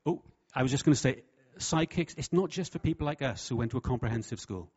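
Man, preacher, jokey sermon, husky voice, dull lo-fi recording. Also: medium pitch, quick pace. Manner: lively, jokey, puts on voices for quotes. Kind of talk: sermon with humour. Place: church hall. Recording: dull, lo-fi sound.

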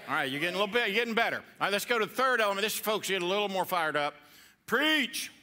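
A man's voice: sits high, expressive, rapid-fire, bright, forceful tone. A middle-aged man preaching a playful, interactive sermon to a church congregation and coaxing them to answer back. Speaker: pastor.

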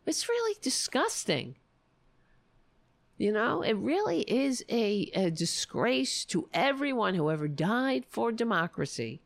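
A woman rants about politics in a slow, deliberate way, heavy with sarcasm and swearing. She drifts into muttered asides as she goes. Her voice is close and dry, with no room sound. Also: on the high side, very animated, vocal fry, dry recording. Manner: profane, sarcastic, muttering asides while searching. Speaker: political commentator. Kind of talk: angry political rant.

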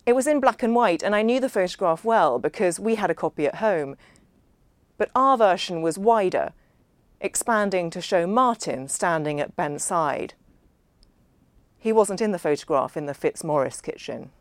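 A woman reads a first-person novel in a measured, understated way. Her voice sits on the low side, and the recording is dry and close. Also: expressive, no room sound. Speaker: audiobook narrator.

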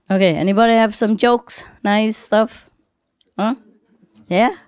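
A woman spiritual teacher speaking informally to her disciples, playful and joking. She talks slowly with plenty of pauses, and her voice is dry and close with no room around it. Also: mid-range voice, fairly even intonation, a little mellow, clean tone, no room sound. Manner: playful, laughing, telling jokes.

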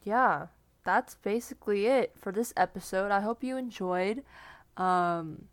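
A young woman with a mid-pitched voice tells a story in relaxed podcast chat, often laughing between lines. The sound is dry and close to the mic. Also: unhurried, no room sound. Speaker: podcast co-host. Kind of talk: casual chat.

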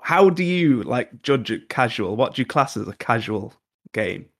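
A man's voice: mid-range voice, expressive, moderate pace. A man co-hosting a casual podcast, teasing the others and putting questions to them. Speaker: podcast co-host.

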